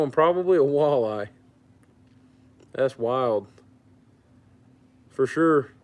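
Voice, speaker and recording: Laid back guy from louisiana doing a fishing livestream, answering chat, plain mid voice. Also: medium pitch. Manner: relaxed, reads out and answers viewer comments. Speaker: fishing channel host.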